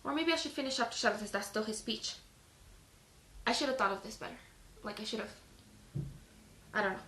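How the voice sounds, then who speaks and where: A woman's voice, on the high side, fairly quick, pushed and bright, comes through reverberant, poor audio from a phone on a live stream. She hosts a casual Bible reading, reading passages aloud and then talking them through chattily with plenty of "like", sounding out of breath.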